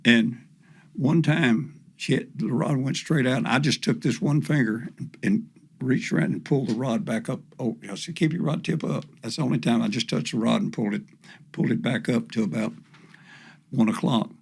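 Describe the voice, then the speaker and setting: A man's voice: medium pitch, moderate pace, gravelly, husky, no echo. An older man, a professional fisherman, telling stories as a podcast guest in a folksy, rambling way full of fillers. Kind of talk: storytelling in casual chat.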